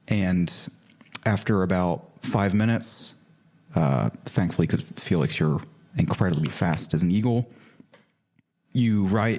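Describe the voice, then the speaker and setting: Male game master, low and slow, laid-back narration. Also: a little mellow, slightly rough.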